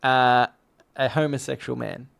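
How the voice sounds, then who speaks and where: A man's voice: medium pitch, a little slow, gravelly. An Australian man co-hosting a podcast, chatting casually and joking, laughing often. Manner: jokey, lively, laughs often. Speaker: podcast co-host. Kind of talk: casual chat.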